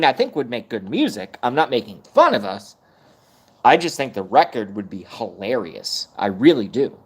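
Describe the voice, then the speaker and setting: Profane rambling man in his thirties. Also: mid-range voice. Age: 30s. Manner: profane, rambling, self-mocking. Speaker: live streamer. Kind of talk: casual rant on a live stream.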